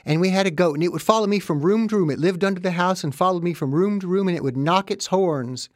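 Brief: breathless, dreamy mom played by a man telling a story, sliding up high. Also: fast, no echo, studio quality, close to an everyday voice. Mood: wistful.

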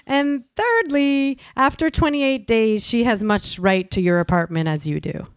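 Woman doing a blunt no-nonsense lawyer listing points, clear voice, dry close sound. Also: fairly high pitch, animated, measured pace, no room sound. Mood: matter-of-fact. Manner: matter-of-fact, itemizing points. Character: brisk, blunt male lawyer giving advice.

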